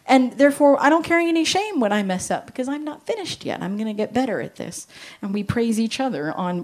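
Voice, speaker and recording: A woman and parent giving a lively Christian talk on parenting, joking and acting out little quoted voices. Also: fairly high pitch, fast talker, few pauses. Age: adult with children. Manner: animated, jokey, acts out quotes.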